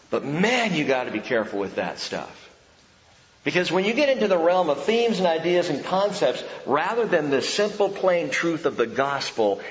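Male pastor, high voice, conversational but emphatic sermon; dull lo-fi recording with long hall reverb. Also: fairly bright tone, slight background noise. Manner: conversational, emphatic preaching with rhetorical questions. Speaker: pastor and Bible teacher. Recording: echoey hall, dull lo-fi sound.

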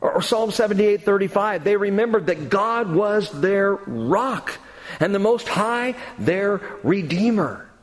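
A man preaching a sermon as a pastor, animated, climbing to near-shouts and dropping to quiet asides. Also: high-pitched, measured pace. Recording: long hall reverb.

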